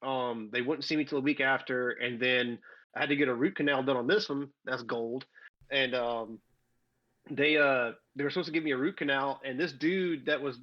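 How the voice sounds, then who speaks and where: A man's voice: medium pitch, normal speed, lo-fi sound. A man on a casual podcast, telling a story with lots of swearing. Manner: profane, animated storyteller. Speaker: podcast co-host.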